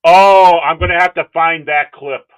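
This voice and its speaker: A man's voice: on the high side, unhurried, smooth, no room sound, poor audio. A man co-hosting a pop culture talk show, joking and ribbing the others. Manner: animated, joking, playful ribbing.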